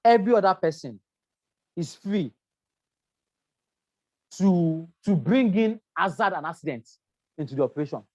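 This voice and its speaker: A woman with a fairly low, darkish voice lectures a health and safety class at a moderate, animated pace with long pauses. She's emphatic, stresses key words, repeats herself and keeps checking in with "right?". The sound is dry, with no room echo.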